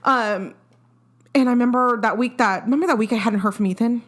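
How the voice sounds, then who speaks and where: A young woman co-hosting a podcast has a slightly high voice and a brisk delivery. She talks frankly and firmly about parenting in casual chat sprinkled with fillers.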